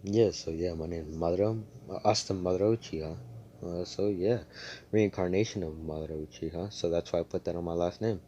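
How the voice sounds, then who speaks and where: A man's voice: sits low, fairly quick, dark tone, dull audio, slight background noise, close to an everyday voice. A man voicing a hotheaded young male hero who talks bluntly and swears a lot. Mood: earnest. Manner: profane, blunt.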